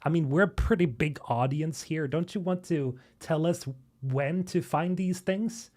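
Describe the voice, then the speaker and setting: A young man from Sweden reacting to game trailers on a live stream, excitable and swearing, talking to chat. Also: a little high, unhurried. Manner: excitable, swearing, chatting with viewers. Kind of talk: casual live-stream commentary.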